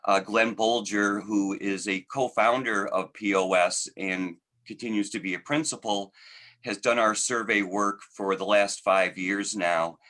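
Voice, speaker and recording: A man on a video call introducing a webinar and its speaker, measured and filled with hesitant "uh"s. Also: on the low side, fairly even intonation, pushed and bright. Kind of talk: formal introduction.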